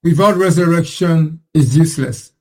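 A man with a slightly high voice answers in a Bible study discussion. He opens by questioning the premise, then works through his points one by one. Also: normal speed, poor audio.

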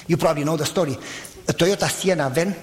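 Male preacher; high, lively voice, dramatic storyteller, reverberant church hall. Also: brisk. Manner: animated, acts out voices, emphatic. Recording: long reverb of a large hall.

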